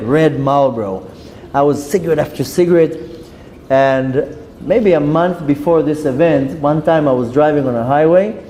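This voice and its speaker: Man, storyteller, animated, acts out dialogue, mellow tone, long hall reverb, faint background noise. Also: mid-range voice. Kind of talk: personal storytelling to an audience.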